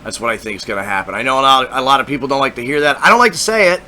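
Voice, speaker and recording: A man hosting a casual fight-prediction talk, profane, excitable and rambling with lots of repetition. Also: medium pitch, very fast, a little hiss or hum. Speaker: MMA fight predictions host.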